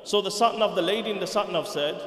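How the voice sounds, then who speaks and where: A man preaching a Friday sermon, telling stories animatedly and swinging between loud and hushed tones, in a mosque hall. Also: high voice, fast talker. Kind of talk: sermon storytelling. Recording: echoey hall.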